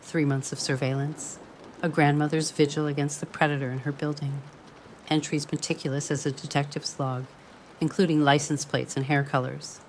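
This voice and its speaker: Woman narrator, low voice, measured ornate storytelling, faint background hiss. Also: level tone. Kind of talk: scripted drama narration.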